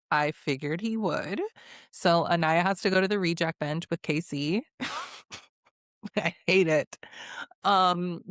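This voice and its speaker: Young woman host, casual sarcastic recap, frequent laughs, lowish voice, dry mic. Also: fairly bright tone, clean tone, dry recording. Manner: chatty and sarcastic, laughs often. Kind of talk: casual reality TV recap vlog.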